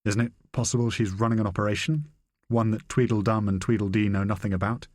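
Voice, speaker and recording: Terse skeptical ex-spy read by a male narrator, low voice, dry. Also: fairly even intonation, fast, darkish tone, dry recording, natural voice. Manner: terse, probing questions. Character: terse, skeptical former male intelligence officer.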